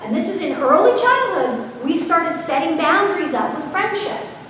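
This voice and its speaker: At a parenting seminar, a woman tells chatty stories and quizzes her audience in a conversational way, her high voice very animated, fairly quick, and a bit bright, with few pauses. She is captured from far off in a large, echoey hall, with a faint hiss underneath.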